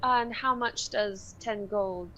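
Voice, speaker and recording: A woman's voice: medium pitch, slow pace, pushed and bright, slight background noise, low-quality recording. A woman playing a tabletop game, speaking politely in character. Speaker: player.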